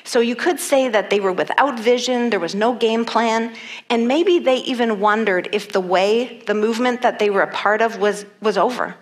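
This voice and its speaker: Woman preacher, fairly high-pitched, earnest sermon delivery with emphatic repetition. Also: moderate pace. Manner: earnest, emphatic, repeats key phrases. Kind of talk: sermon with scripture reading.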